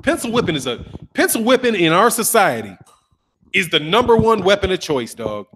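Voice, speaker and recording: A middle-aged man hosting a boxing channel, talking in a casual, animated, profane monologue. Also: high voice, moderate pace, slight background noise. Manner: animated, profane, acts out voices of others.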